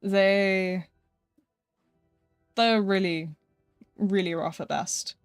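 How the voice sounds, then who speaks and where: A woman's voice: mid-range voice, fairly even intonation, very slow, clear, resonant tone, no echo, studio quality, soft background music. A young British woman chatting casually and playfully on a live game stream, laughing often between remarks. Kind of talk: casual live-stream chat while gaming.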